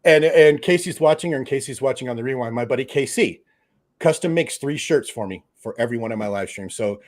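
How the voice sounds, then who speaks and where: A man hosting a live stream, loud and joking, laughing often. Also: mid-range voice, expressive, fairly quick. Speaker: livestream host. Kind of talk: casual live stream chat.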